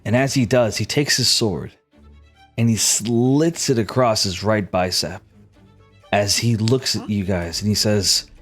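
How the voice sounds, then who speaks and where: A man's voice: lowish voice, a little slow, faint music behind. A man narrating as game master in a tabletop game, casual and rambling with lots of filler.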